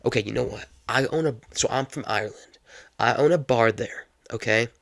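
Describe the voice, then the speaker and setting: A man's voice: mid-range voice, fairly quick, vocal fry, fairly bright tone, no echo. A man voicing a hesitant male bar owner who stammers and pleads, in his own plain voice. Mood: sheepish. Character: sheepish adult male bar owner who cannot pay.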